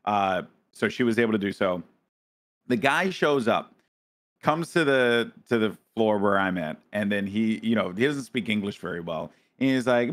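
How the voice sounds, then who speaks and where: Animated man telling a story. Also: lowish voice, moderate pace. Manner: animated, dramatic retelling with frequent restarts and swearing. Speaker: podcast co-host. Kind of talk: casual storytelling.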